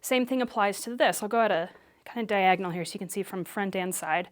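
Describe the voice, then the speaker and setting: A woman's voice: mid-range voice, quick pace. Woman teacher explaining movement. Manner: clear, patient, explanatory. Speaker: Alexander Technique teacher.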